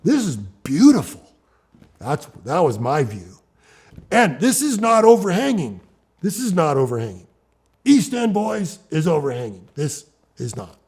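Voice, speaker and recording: A middle-aged man from Ontario, Canada, telling climbing stories in an animated, restart-heavy way as an interviewee. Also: on the high side, unhurried, breathy edge. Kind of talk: animated storytelling.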